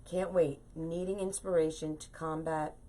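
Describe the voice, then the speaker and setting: A woman's voice: deep voice, steady tone, normal speed, warm tone, a little hiss or hum. A woman hosting a live craft tutorial, chatting and laughing at herself as she reads viewer comments at her home craft table. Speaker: craft host teaching wreath making.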